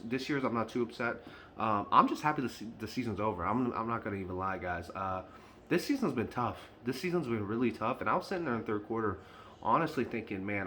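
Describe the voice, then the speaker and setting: A man's voice: mid-range voice, a bit bright, a little hiss or hum. A man talking straight to camera in an unscripted fan vlog, frustrated and emphatic, often repeating his points. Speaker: sports fan vlogger.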